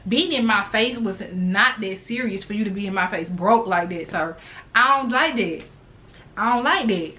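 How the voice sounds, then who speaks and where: A woman in her late twenties at a middle pitch tells a story straight to her viewers. She is blunt and animated, swears freely, and hammers her points home by saying them again. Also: moderate pace. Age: late 20s. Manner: repeats lines for emphasis. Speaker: vlogger. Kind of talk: casual story time monologue.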